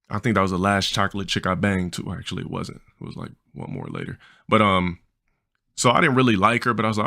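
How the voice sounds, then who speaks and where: 40s dude streaming, gravelly low voice, bright edge, blunt crude storytelling, rambles. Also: male voice. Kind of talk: casual storytelling on a livestream.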